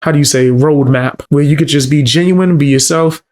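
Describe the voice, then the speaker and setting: A man's voice: fairly high pitch, fairly quick, darkish tone. A man hosting a commentary channel, reacting in a blunt, slangy, dismissive way.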